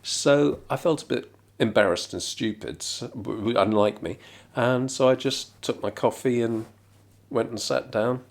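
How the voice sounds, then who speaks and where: A middle-aged man from England, telling a rambling comic story in a deadpan, digressive way with muttered asides. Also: medium pitch, unhurried, gravelly. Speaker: vlogger.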